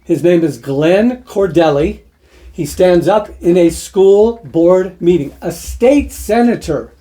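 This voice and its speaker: Middle-aged guy preaching hard on his show, higher pitched but mellow tone. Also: slow pace. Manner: impassioned, moralizing, laughs nervously. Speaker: online commentary host. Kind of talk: preachy commentary monologue.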